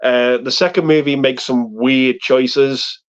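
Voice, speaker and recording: A man's voice: mid-range voice, fairly even intonation, slow pace. A man chatting casually about films on a live stream, rambling and swearing, acting out movie lines. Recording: muffled lo-fi stream audio.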